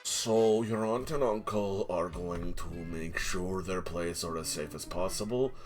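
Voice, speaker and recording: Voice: deep voice, measured pace, faint music behind, pitched below the performer's own voice. A game master voicing a father who rambles tenderly as he reassures his daughter. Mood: reassuring. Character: fussing father saying goodbye to daughter.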